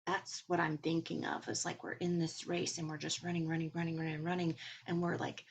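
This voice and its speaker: A woman hosting a podcast, talking in a gentle, encouraging and rambling way as she comments on spiritual topics. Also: low voice, flat delivery, brisk, slightly rough. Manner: rambling, with filler words. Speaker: podcast host.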